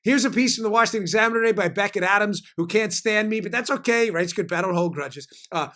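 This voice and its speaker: A man's voice: high-pitched, bright, forceful tone. A man hosting a political talk show, speaking emphatically in punchy bursts. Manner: emphatic, fast-shifting, punchy delivery. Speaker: host.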